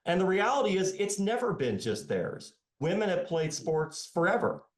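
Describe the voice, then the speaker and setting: Animated, sarcastic man in an echoey room. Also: high voice, moderate pace. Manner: animated and sarcastic, voicing his critics mockingly. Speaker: economics professor and author, guest. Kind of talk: conversational podcast interview.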